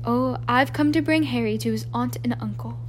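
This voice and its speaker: A woman reading an audiobook, voicing a wise old male wizard in a calm, firm, quiet manner. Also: fairly high pitch, moderate pace, a little hiss or hum, natural voice. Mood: grave.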